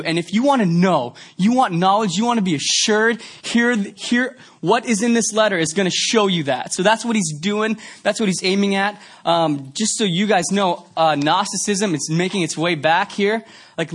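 A man's voice: high-pitched, fairly bright tone. A man from Canada giving a conversational sermon in a church, telling stories with many fillers. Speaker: pastor. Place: church sanctuary.

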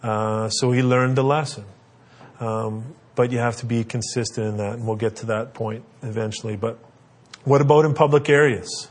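A man's voice: mid-range voice, steady tone, moderate pace. A middle-aged man giving earnest, conversational parenting advice with frequent fillers. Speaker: parenting speaker. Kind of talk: instructional talk.

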